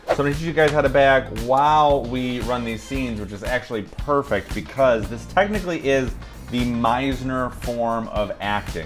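A man showing how to bag popcorn while coaching acting, talking casually and laughing often in a popcorn shop. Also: mid-range voice. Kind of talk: casual hands-on demonstration.

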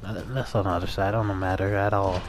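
A man's voice: deep voice, level tone, a little fast, slight background noise. A man commentating a horror game, muttering to himself and breaking into profane, panicky outbursts. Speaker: gamer playing a horror game. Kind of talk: let's play commentary.

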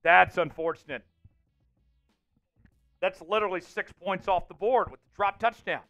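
A man hosting a livestream and calling the plays of a simulated football game, reading names from the chat and getting loud on big plays. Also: sits high, normal speed, faint music behind. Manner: excitable, shouts out chat names and hypes touchdowns. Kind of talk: live play-by-play commentary.

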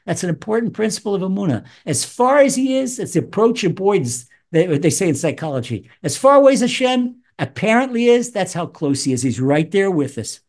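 A man teaching Psalms as a rabbi, animated, acting out voices with wide swings in pitch. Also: brisk, few pauses. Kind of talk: Torah lesson.

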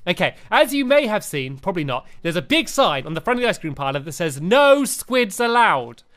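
Animated, playful gaming host. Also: mid-range voice, fast. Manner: animated, laughing, playful shopkeeper bits. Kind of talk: playful game commentary and shopkeeper role-play.

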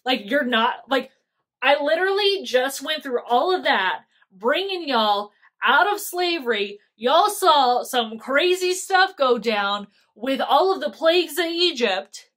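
A woman's voice: high voice, expressive, slow, fairly bright tone, heavily acted. A woman voicing an exasperated, slangy God. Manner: slangy, incredulous scolding. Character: exasperated God, male deity, fed up with grumblers.

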